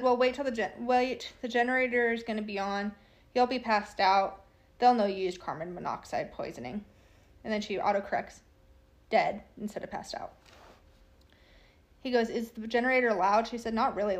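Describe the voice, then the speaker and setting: A woman telling a true crime story by reading text messages aloud, in a plain, matter-of-fact way with casual asides. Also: medium pitch.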